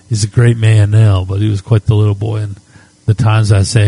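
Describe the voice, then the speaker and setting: A middle-aged man preaching as a pastor, moving between quiet spoken prayer and reflective storytelling. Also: fairly low pitch, little pitch movement, low-quality recording. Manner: unhurried, reflective storytelling with soft prayerful asides.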